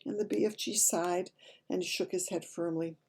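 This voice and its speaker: A woman reading a children's novel aloud in a gentle storytelling manner. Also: lowish voice, fairly even intonation, normal speed, slightly rough. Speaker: reader.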